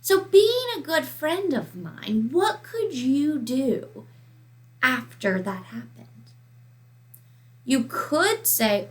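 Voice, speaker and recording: A woman school counselor giving a slow, emphatic lesson to young children. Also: fairly high pitch, animated. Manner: slow, emphatic teacher talk to young kids.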